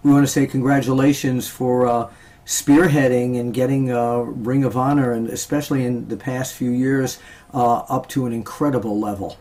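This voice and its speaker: A man hosting a casual interview at an ordinary middle pitch. He halts often, with filler sounds between his words. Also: steady tone, a little mellow. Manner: halting, many fillers. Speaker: interview host.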